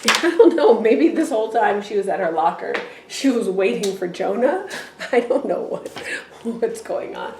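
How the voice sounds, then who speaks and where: A woman's voice: mid-range voice, animated, moderate pace, darkish tone, far from the mic. A woman recapping a TV episode in casual chat, retelling scenes and acting out the characters' lines. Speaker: podcast co-host. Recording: echoey room with faint noise.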